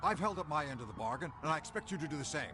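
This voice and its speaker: Actor voicing a scheming mayor on voicemail, very rapid and higher-pitched, sirens behind. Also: male voice, lively intonation, noisy background, close to an everyday voice. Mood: insistent. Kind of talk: video game voicemail.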